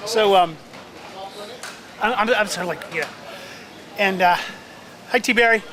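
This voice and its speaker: A man telling an animated story about his first film role in a casual interview, acting out the other people's lines. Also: sits high, a little slow. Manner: animated storyteller, acts out quotes, many restarts. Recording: crowd noise outdoors.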